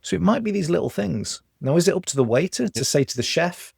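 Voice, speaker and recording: A man with a Stoke Midlands accent, a podcast guest telling lively examples in casual conversation. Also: on the high side, fast, vocal fry, breathy edge, no room sound, clean studio sound. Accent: Stoke, English Midlands.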